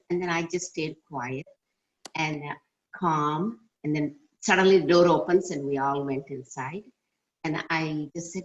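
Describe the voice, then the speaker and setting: An older woman with a very low voice tells a personal story to a class, earnest and reflective. She is heard over a dull, lo-fi video call. She adds thoughtful asides as she goes. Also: animated, normal speed. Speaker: class participant. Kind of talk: personal anecdote in a group discussion.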